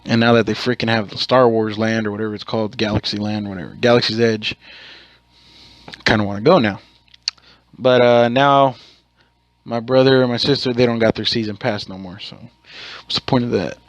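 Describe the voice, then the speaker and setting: A man's voice: on the low side, steady tone, brisk, pauses often, no echo. A man hosting his own podcast, telling a rambling, profane story in a casual way and correcting himself as he goes. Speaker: podcast host.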